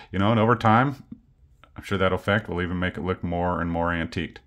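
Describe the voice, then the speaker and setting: A man's voice: sits low, little pitch movement, moderate pace. A man, casually chatting through a coin unboxing vlog in an easygoing, self-deprecating way. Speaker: coin collecting channel host.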